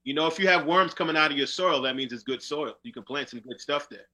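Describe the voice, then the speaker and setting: A man's voice: on the high side, quick pace, sharp tone, poor audio. A man co-hosting a casual sports talk show, joking around with corny dad jokes. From New York. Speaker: podcast co-host.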